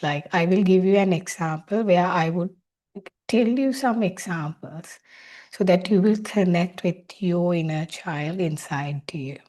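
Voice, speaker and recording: A woman's voice: on the low side, measured pace, darkish tone. A woman spiritual life coach giving an earnest teaching monologue, explaining step by step and checking in with the listener.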